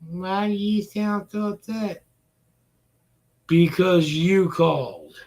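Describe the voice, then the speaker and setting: A man's voice: high-pitched, takes it slowly, a little mellow. A man ranting to camera in an exasperated, repetitive way, cursing often as he vents. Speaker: vlogger. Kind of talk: profane venting rant to camera.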